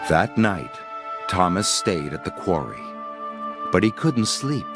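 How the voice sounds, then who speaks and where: A man narrating a children's storybook in an expressive, measured way. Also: sits low. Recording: loud music under the voice.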